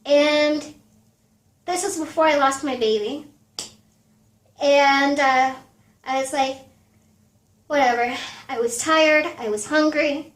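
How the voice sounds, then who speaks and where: A young woman recounts a personal story in a casual vlog, her voice set high. She talks at an unhurried pace, animated and full of fillers and swearing. The room gives her voice a noticeable echo. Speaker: vlogger.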